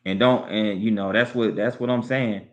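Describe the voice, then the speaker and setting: Speaking at an ordinary pace in a fairly low, steady voice, a Southern US livestream host muses aloud. His rambling is relaxed and easygoing, and his accent marks him as from the American South.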